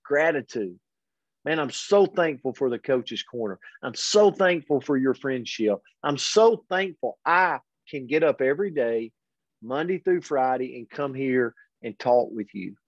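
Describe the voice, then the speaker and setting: A man hosting a daily motivational pep talk, earnest and energetic, speaking directly to his audience. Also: medium pitch, measured pace, no echo. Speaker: host and motivational coach. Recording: dull, lo-fi dry recording.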